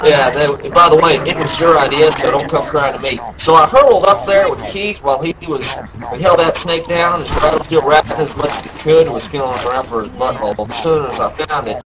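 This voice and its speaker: A man voicing a rambling young Southern good-ol'-boy who drawls through a story and bursts into yelled quotes, over game voice chat. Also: a little high, fairly quick, a crowd in the background, close to an everyday voice, low-quality recording. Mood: tall tale.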